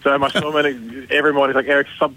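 A man's voice: mid-range voice, fairly even intonation, rapid-fire, bright, forceful tone, no room sound, poor audio. A man, a store manager, chatting on radio with upbeat, salesy storytelling. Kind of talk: radio promo chat.

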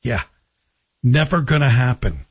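A man's voice: medium pitch, very animated, unhurried, highs cut off, very noisy. A man hosting a talk radio show, giving sardonic, opinionated commentary. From Scotland.

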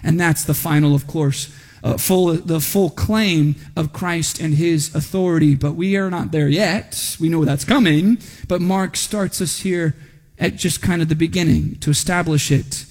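A man's voice: fairly high pitch, fairly even intonation, measured pace, a little mellow. A man preaching an expository sermon in a church service, speaking conversationally, often asking the congregation "right?", and rising animatedly when reading quoted speech. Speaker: pastor. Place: church sanctuary during a service. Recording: long hall reverb.

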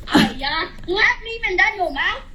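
A clip of a boy mimicking a scolding Singaporean mother with a mock Singaporean accent, high and nagging. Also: animated, normal speed, bright, forceful tone, slight background noise, exaggerated voice.

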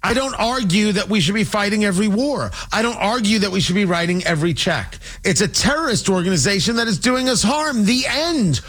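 A man delivering an opinionated political monologue, sarcastic and animated, slipping into mocking voices. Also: high voice, a little fast, few pauses. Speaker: political commentator.

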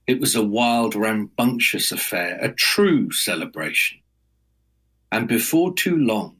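A male storyteller telling a folk tale in a measured, dramatic way. He speaks slowly, letting each phrase land. His voice has a husky grain. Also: mid-range voice, fairly bright tone, poor audio. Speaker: storyteller guest.

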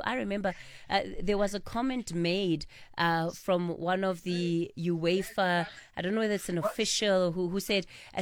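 A woman hosting a radio talk show, speaking in a measured, slightly halting way. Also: mid-range voice, clear, resonant tone, dry recording, clean studio sound. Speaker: radio host. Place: radio studio.

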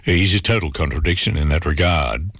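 A man's voice: low voice, brisk, fairly bright tone, breathy edge, no room sound. A man hosting talkback radio, reading out listener messages and answering them in a casual, musing way with plenty of ums and uhs. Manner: reads texts aloud, then replies casually with fillers.

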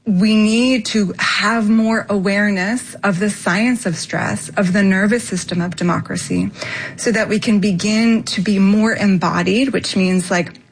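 A woman guest on a radio interview talks at an even, middle pitch. She lays out her ideas earnestly and step by step. She often tags her points with a quick "right?". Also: husky, rough recording. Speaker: guest expert.

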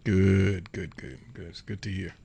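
Gravelly, laid-back man in casual banter. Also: sits low, flat delivery, measured pace, warm tone. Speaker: conversation partner. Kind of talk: casual chat.

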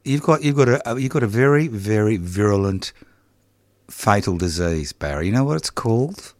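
Wry older Australian man, low voice. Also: normal speed, no echo. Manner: wry, repetitive, lively storyteller. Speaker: radio host. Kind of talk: casual on-air chat. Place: radio studio.

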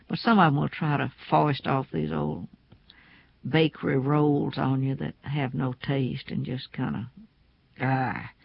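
A man's voice: fairly high pitch, creaky, no room sound. A man, talking in a folksy, chatty, opinionated way. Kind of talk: casual spoken commentary. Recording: dull, muffled sound.

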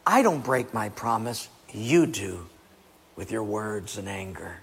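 A preacher voicing God as a calm, solemn figure rebuking a prophet, with a gravelly voice. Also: male voice, heavily acted. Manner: measured, grave, trailing low. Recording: long reverb from a large hall.

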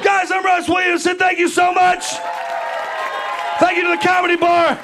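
A male stand-up comedian on a club stage, loudly shouting his punchlines like a game-show host. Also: very high voice, completely flat delivery, moderate pace. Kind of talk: stand-up set. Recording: noisy comedy club with crowd.

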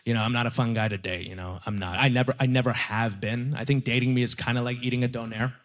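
A man's voice: mid-range voice, fairly even intonation. A young man performing a stand-up comedy set, telling self-deprecating stories in a chatty, conversational way. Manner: self-deprecating, conversational storytelling with quick asides. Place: comedy stage before a laughing audience.

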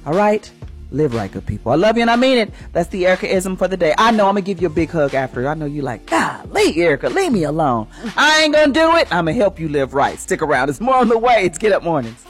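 A woman's voice: fairly low pitch, very animated, quick pace, faint music behind. A woman hosting a morning radio show, giving an emphatic, preachy inspirational talk in a sermon style. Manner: preachy, emphatic, acts out quoted voices.

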